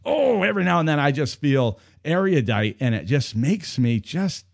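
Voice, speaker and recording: A man's voice: on the high side, very animated, normal speed, creaky, no room sound, clean studio sound. A man hosting a call-in radio show, joking and teasing himself as he chats. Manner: playful, self-mocking banter.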